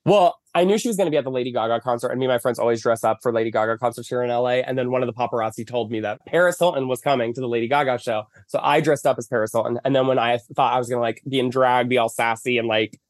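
Talking very fast with hardly any pauses, a mid-range-voiced makeup artist chats casually as a podcast guest over video call from his bed at home. He tells long stories full of fillers, captured in a dry, clean studio-quality recording.

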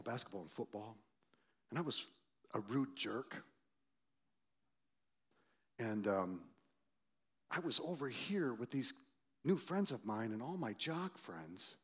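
Pastor, man, 60s, storytelling sermon, lively and shifting in loudness. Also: breathy edge. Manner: animated, acts out quoted voices loudly, then drops low and quiet.

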